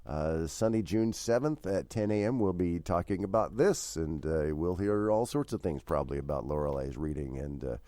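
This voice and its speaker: A man hosting a podcast, talking in a halting, rambling way with many fillers. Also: low-pitched, dark tone, dry recording. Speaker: podcast host. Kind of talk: casual podcast chat.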